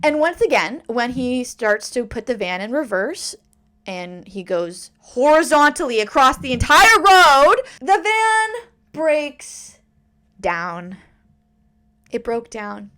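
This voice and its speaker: A woman hosting a casual storytime podcast, telling a story with an animated, dramatic delivery. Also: high voice, slow. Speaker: podcast host.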